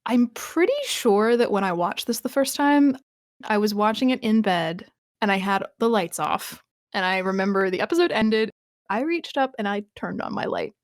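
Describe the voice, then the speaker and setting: A woman's voice: medium pitch, expressive, moderate pace, no echo. Chatty woman podcaster, dry close sound. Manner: chatty, thinking aloud with frequent restarts and laughs. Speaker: podcast co-host. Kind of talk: casual rewatch podcast chat.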